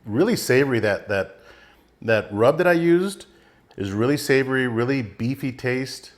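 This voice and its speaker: A middle-aged man hosting a casual barbecue cooking video, chatting relaxed while he handles and tastes the food. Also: medium pitch, normal speed. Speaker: barbecue channel host.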